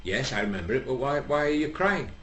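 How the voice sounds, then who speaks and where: A man voicing a worried middle-aged wife who asks anxious questions softly. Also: mid-range voice, animated, a little fast, a little hiss or hum, natural voice. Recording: echoey room.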